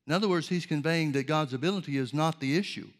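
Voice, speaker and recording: An earnest male preacher delivering a sermon with a slightly high voice. He teaches in a measured way and often pauses to pose rhetorical questions.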